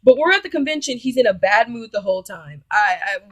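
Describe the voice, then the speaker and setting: A woman's voice: a little high, expressive, fast talker, sharp tone, no echo. A young woman telling a personal story casually, bluntly and indignantly, with plenty of swearing and acted-out quotes of both sides. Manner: blunt, profane, indignant retelling with quoted dialogue.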